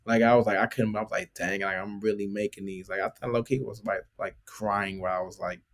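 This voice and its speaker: A man's voice: fairly low pitch, brisk. Easygoing man telling stories, full of filler. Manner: loose and filler-heavy, constant "like" and "bro", animated retelling. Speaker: professional basketball player, guest. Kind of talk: casual storytelling interview.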